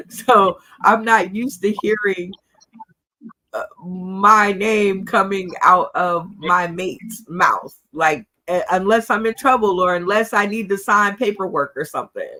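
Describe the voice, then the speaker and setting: A woman co-hosting a casual live chat, musing aloud in a relaxed way and laughing often. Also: mid-range voice, slow.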